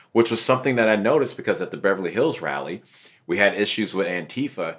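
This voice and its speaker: A young man, an interview guest, telling his story in a casual, animated way and acting out what others said. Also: lowish voice, normal speed. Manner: animated, acts out quotes of others.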